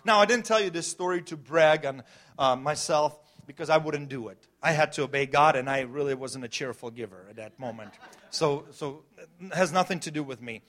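A middle-aged man preaching a sermon as pastor, swinging between loud emphatic lines and quiet storytelling, laughing between points. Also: on the high side, fairly quick. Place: church.

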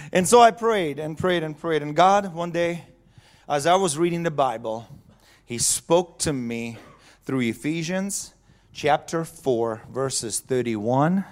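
A man's voice: a little high, takes it slowly, pauses often. A man preaching a sermon in a conversational way, chuckling often and asking the audience questions.

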